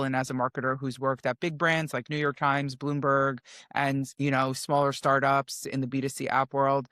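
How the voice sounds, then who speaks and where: A man who is a guest on a podcast, talking about his work with a high-energy, eager manner. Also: fairly bright tone, no room sound, studio quality. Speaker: podcast guest, marketing executive. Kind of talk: casual interview talk.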